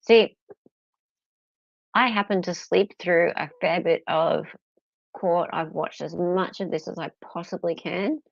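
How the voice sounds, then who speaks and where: Gravelly Australian woman, lo-fi stream. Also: fairly low pitch, steady tone, slow pace, long pauses, no echo. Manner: chatty, playful, teasing. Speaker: livestream host reading chat. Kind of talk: casual chat. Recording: dull lo-fi sound.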